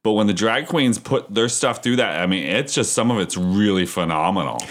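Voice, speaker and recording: A man with a notably deep, low voice chatting on a podcast. He explains things in a relaxed, conversational manner. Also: normal speed. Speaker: podcast co-host. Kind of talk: casual chat.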